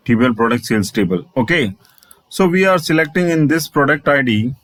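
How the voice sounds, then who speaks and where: A man's voice: mid-range voice, lively intonation, a little fast, a bit bright, no echo, rough recording. A man teaching a programming lesson over his screen, spelling out letters and repeating phrases as he goes. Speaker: programming instructor. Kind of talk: screen-share coding tutorial.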